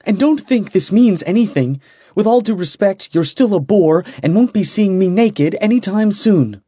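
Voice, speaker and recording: A man voicing a proud, quick-tempered young woman officer in an audiobook, his voice lifted high for her. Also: steady tone, no room sound, clean studio sound. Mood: furious. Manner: sharp, sudden outbursts. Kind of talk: audiobook character voice.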